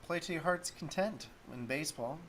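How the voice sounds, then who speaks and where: A man's voice: a little high, normal speed, a bit bright, slight background noise. A man hosting a solo sports talk stream, rambling casually and thinking aloud while he looks up stats. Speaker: sports talk show host.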